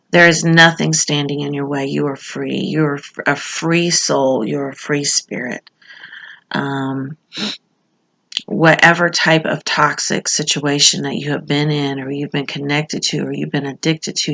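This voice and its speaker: Bright-voiced woman giving heartfelt tarot reading. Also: low-pitched, gravelly. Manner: earnest, reassuring, heartfelt; frequent "um" pauses, repeats phrases for emphasis. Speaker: tarot card reader. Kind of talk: casual spoken tarot reading.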